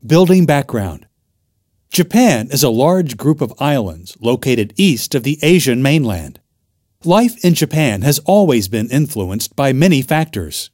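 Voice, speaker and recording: Man reading a textbook, animated. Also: mid-range voice, measured pace, dry recording, clean studio sound. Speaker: textbook narrator.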